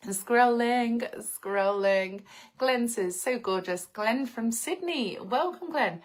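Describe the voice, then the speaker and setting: A woman's voice: on the high side, big pitch swings, a little slow, low-quality recording. Earnest British woman hosting a livestream. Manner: earnest, heartfelt, reflective. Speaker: livestream host. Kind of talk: live-stream chat reading viewer comments.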